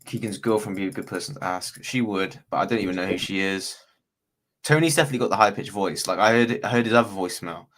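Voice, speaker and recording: A man's voice: lowish voice, quick pace, a bit bright. A man hosting a casual true crime livestream, chatty and rambling, often correcting himself as he goes. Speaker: true crime stream host.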